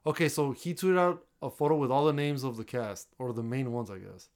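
A man's voice: medium pitch, steady tone, a little fast, darkish tone. A young man in casual chat, laid-back with dry, teasing remarks. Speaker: co-host.

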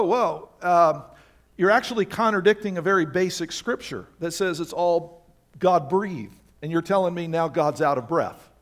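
A man's voice: sits high, a bit bright. A pastor preaching to his congregation with emphatic rhetorical questions. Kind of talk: sermon.

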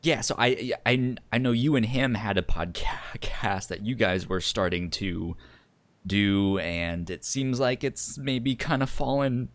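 A man's voice: on the low side, takes it slowly, dry recording. A man hosting a podcast, chatting casually with guests and swearing now and then. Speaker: podcast host. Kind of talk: casual roundtable chat.

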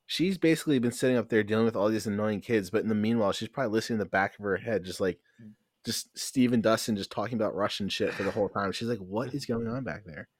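A man's voice: lowish voice, fast talker, dry recording, studio quality. A man co-hosting a podcast in casual chat, riffing in a laid-back way with lots of fillers. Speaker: podcast co-host.

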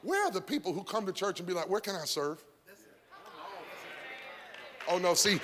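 A male pastor preaching a sermon, breaking into shouts and sung phrases, then dropping to a hush. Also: sits high, big pitch swings, moderate pace, long pauses, long reverb tail. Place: church sanctuary.

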